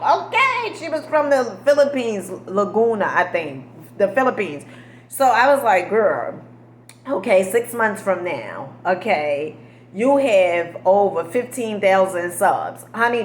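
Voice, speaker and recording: A woman telling a story in a lively vlog, sassy and emphatic, calling the listener "honey" and "girl.". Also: medium pitch. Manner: sassy, emphatic, says "honey" and "girl" often, dialect grammar. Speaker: motivational vlogger. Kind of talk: animated storytelling monologue. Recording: echoey room with faint ambient noise.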